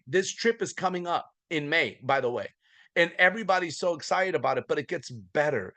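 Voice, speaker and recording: A man, likely in his forties, giving an energetic, folksy sales presentation on a video call, with lots of repetition. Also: on the high side, a little fast, no echo. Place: remote hotel room abroad.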